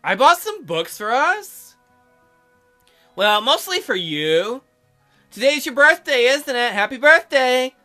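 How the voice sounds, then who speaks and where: An earnest, awkward young princess from a dating-sim game, put on by a man, eager and apologetic, pitched high with a sharp, bright tone. She sounds keen to please. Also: very animated, slow, long pauses, faint music behind, full character voice.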